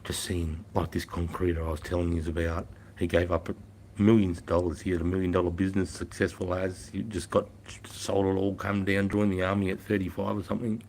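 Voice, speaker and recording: A man's voice: sits low, little pitch movement, a little fast, darkish tone, slight background noise. A man, chatting casually to viewers in a blunt, profane storytelling manner. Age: 50s. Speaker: livestreamer and former army instructor.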